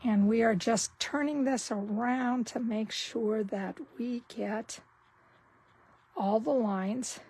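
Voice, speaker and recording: A woman giving a casual card-making tutorial, talking slowly and thinking aloud as she works. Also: fairly high pitch, a little mellow, breathy edge, rough recording.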